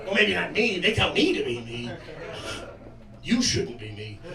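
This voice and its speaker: A man in his twenties performs stand-up on a comedy club stage, jovial, crude and self-mocking. His high-pitched voice is sing-song, unhurried and gravelly, picked up from a distance in roomy club sound with the crowd laughing.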